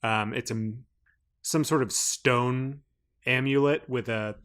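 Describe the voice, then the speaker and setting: A relaxed male game master talks through the scene at an even middle pitch. His narration is easygoing and full of small pauses and self-corrections. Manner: laid-back, descriptive, halting with fillers.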